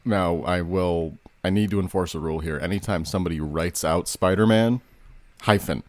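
A man hosting a podcast in casual chat, animated and emphatic, swearing freely. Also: deep voice, normal speed, no echo. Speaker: podcast host.

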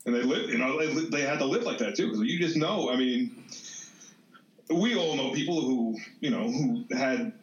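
A man of about fifty, chatting casually as a podcast guest, relaxed and quick to laugh. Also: mid-range voice, recorded from a distance, dull audio. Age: 50s. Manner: relaxed, laughs easily, brief backchannels. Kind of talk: casual chat. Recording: roomy, off-mic sound.

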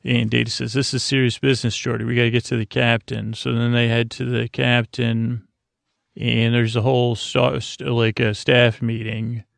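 A man's voice: medium pitch, flat delivery, moderate pace, creaky, no echo. A man hosting a podcast, giving a sleepy, rambling recap of an episode with many fillers. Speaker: podcast host.

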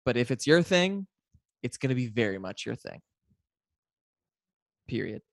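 A man's voice: medium pitch, sing-song, a little fast, dry recording, clean studio sound. Enthusiastic man chatting on a podcast. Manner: enthusiastic, trailing restarts. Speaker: podcast co-host. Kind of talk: casual chat.

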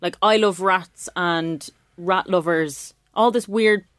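A woman's voice: lowish voice, steady tone, takes it slowly, a bit bright, dry recording, studio quality. Squeamish woman, radio co-host. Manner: squeamish, protesting, exasperated. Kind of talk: casual radio banter. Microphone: studio microphone.

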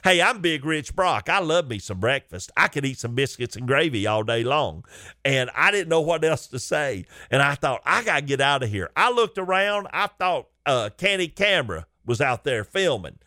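Animated comedian telling a story. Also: male voice, on the high side, normal speed, no room sound, studio quality. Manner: animated, folksy, chatty. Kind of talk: comic storytelling.

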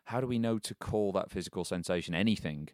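A man's voice: deep voice, fast, darkish tone, no room sound, studio quality. A man co-hosting a casual podcast, reflecting aloud and explaining ideas, often restarting his sentences. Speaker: podcast co-host.

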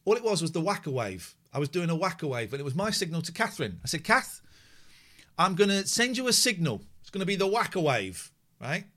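A man streaming live, reacting to a clip of himself with mocking commentary and hushed asides. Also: fairly high pitch, a little fast. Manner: animated and mocking, drops to a hushed inner voice.

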